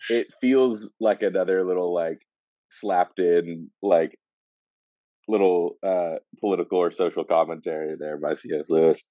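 Male podcast co-host, deep dark voice, rambling and playful, dull dry recording. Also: a little slow, dry recording. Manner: rambling, animated, acts out characters in funny voices. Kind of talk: casual book discussion.

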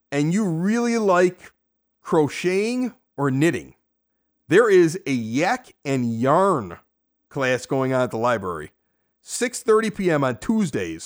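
A man hosting a podcast, reading out local community events with amused, playful emphasis. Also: on the high side. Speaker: podcast host. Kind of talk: casual chat reading local listings. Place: home basement bar.

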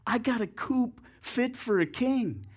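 A man's voice: very high voice, slow, voice pushed up, full character voice. A man voicing a proud, bossy male farm chicken in a sermon story, in a plain, matter-of-fact manner.

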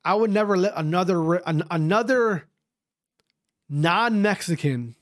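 A man's voice: sits high, expressive, measured pace, dry recording, studio quality. A man hosting his own podcast, speaking in an emphatic, repetitive and profane rant. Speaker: podcast host.

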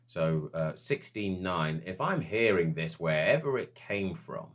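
A man with a strikingly deep, low voice speaks in an earnest, searching way. He stops and restarts often as he works through his thoughts, giving the account a halting, reflective feel. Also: lively intonation. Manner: hesitant, halting, with frequent restarts. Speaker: storyteller.

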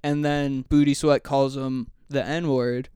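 Podcast co-host, male, smooth dry voice, lively storyteller. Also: mid-range voice, slow, dry recording. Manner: animated storytelling, acts out movie lines. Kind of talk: casual chat.

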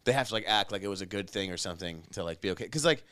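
Lively-voiced podcast host, bone-dry sound. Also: male voice, fairly low pitch, very fast, clean tone, no echo. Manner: loose and profane, laughs often. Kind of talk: casual chat. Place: house in Austin.

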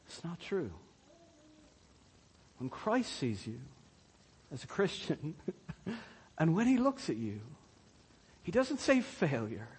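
A pastor preaching a sermon in a church, swinging from hushed, slow words to loud, soaring ones. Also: male voice, high-pitched, huge pitch swings, a little hiss or hum.

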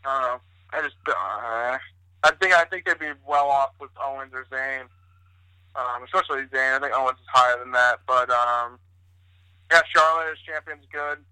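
A man's voice: mid-range voice, normal speed, bright, forceful tone, smooth, dry recording, low-quality recording. A man talking as a guest in a casual chat, rambling with many restarts and lots of swearing. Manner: rambling, restarts often, profane.

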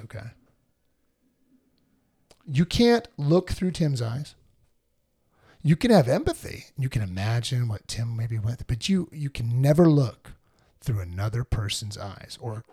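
A man's voice: medium pitch, husky. A man co-hosting a casual spiritual chat, telling stories with animation and acting out the voices of other people. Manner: animated storytelling, acts out voices. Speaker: podcast co-host.

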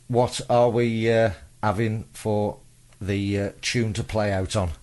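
A man's voice: on the low side, flat delivery, a little slow, hardly any pauses. A nervous man hosting a casual podcast chat, laughing often and swearing freely. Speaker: podcast host. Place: podcast studio. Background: music playing.

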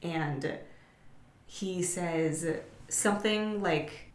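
A woman co-hosting a casual movie chat, animated and giggly, often acting out the lines she quotes. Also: fairly low pitch, normal speed. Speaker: podcast co-host. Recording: roomy echo.

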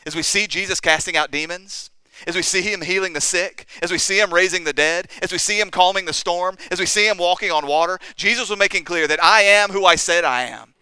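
A man preaches, his voice bright, forceful and smooth. He talks in an earnest way, acting out quotes and building to emphatic peaks. The sound is close and dry, with no room around it. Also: high voice, steady tone, fairly quick, no echo. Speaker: pastor. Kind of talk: sermon.

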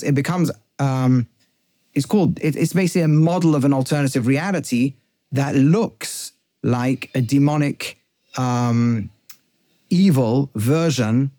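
Male rabbi-teacher, warm low-brightness tone, close dry sound, alternates Hebrew text and English explanation. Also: dry recording. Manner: reads Hebrew lines aloud, then translates and explains them; thinks aloud with frequent restarts and self-corrections. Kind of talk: text study lecture.

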